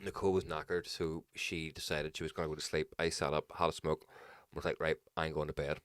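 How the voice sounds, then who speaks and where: A young man, a podcast co-host, telling a sweary, animated story in casual chat. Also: rumbling low, fairly quick, clear, resonant tone, no room sound, clean studio sound.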